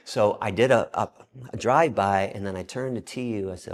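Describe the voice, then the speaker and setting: A man's voice: fairly low pitch, fast talker. A man being interviewed, telling a story and acting out the voices of the people in it. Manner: animated storyteller, acts out quoted voices. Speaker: interview guest.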